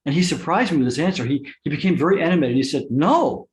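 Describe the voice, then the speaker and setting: A man giving a spiritual satsang talk, telling personal stories with soft laughs and frequent restarts. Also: fairly high pitch, rapid-fire. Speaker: spiritual teacher.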